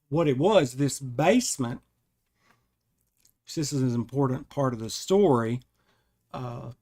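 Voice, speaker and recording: Slow-talking man telling a story. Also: medium pitch. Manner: rambling, self-correcting, animated retelling. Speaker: podcast host. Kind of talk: casual storytelling.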